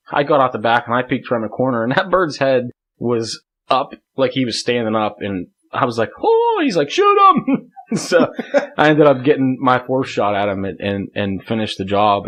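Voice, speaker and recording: A man as a podcast guest, telling a hunting story in casual conversation, laughing often and rambling with lots of filler words. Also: mid-range voice.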